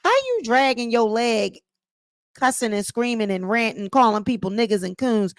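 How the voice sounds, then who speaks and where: A woman comments on a video clip in a casual, mocking way, blunt and amused. Her voice sits fairly high. The sound is dry and close. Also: animated, moderate pace, dry recording.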